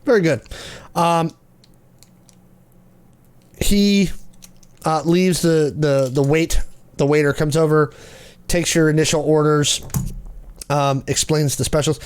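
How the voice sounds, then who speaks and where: A man's voice: fairly high pitch, fairly even intonation, takes it slowly, pauses often, smooth. A man narrating as game master of a tabletop game, rambling with many fillers. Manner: rambling, lots of fillers and likes.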